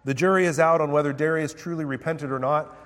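A man's voice: a little high, fairly even intonation, quick pace, fairly bright tone, long reverb tail. A man preaching a sermon, reading scripture aloud with dramatic emphasis and then explaining it in plain words. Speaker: pastor.

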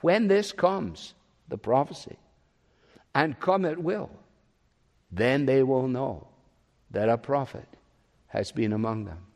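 A man preaching an expository sermon, pressing his points with loud rises and then dropping to a soft, low voice. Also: lively intonation, takes it slowly, pauses often, long reverb tail. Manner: emphatic, swinging between loud rises and soft drops.

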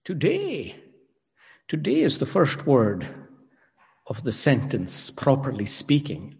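A man preaching a sermon, emphatic and rhetorical, pausing dramatically and questioning his listeners. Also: medium pitch, wildly swooping pitch, vocal fry, darkish tone. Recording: long hall reverb.

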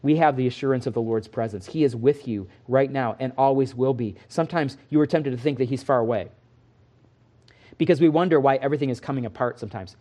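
A man's voice: medium pitch, quick pace, mellow. A man pastor giving an expository sermon, earnest and emphatic.

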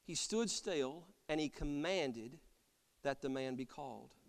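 A man preaching an impassioned sermon as pastor, swinging from loud cries to soft, quiet lines. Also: a little high, a little slow, vocal fry. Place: church sanctuary. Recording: long church reverb.

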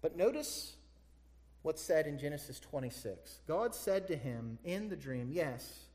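A man delivers a sermon in a fairly high voice that carries through a reverberant hall. He talks animatedly and keeps throwing questions back at his listeners. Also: measured pace. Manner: animated, rhetorical questions to the congregation. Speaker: preacher. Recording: echoey hall.

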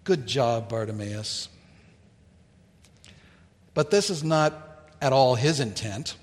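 A man preaching a sermon, telling a Bible story in a slow, deliberate way with dramatic pauses. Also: medium pitch, expressive, long reverb tail. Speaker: pastor.

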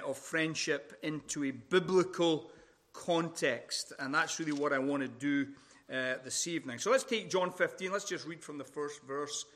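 A middle-aged Scottish pastor from Scotland preaching a sermon at a women's conference, speaking deliberately and with good humor. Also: male voice, fairly high pitch, pushed and bright. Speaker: visiting pastor.

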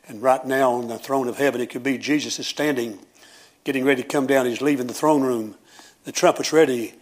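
Speaking fast, this male pastor preaches with a Southern cadence, climbing at points to high-pitched, shouting exclamations of praise.

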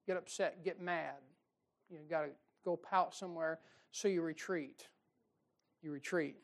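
A man preaching a sermon in a folksy, animated way, asking the congregation questions and drawing out key words for emphasis. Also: sits high, unhurried, pauses often.

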